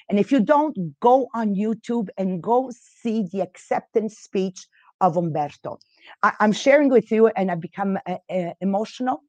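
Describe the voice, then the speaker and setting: Woman host, halting and restarting, dry close sound, mid pitch. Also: darkish tone, dry recording. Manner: halting, restarts often, unsure of pronunciation. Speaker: podcast host leading a reading group. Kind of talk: casual spoken teaching.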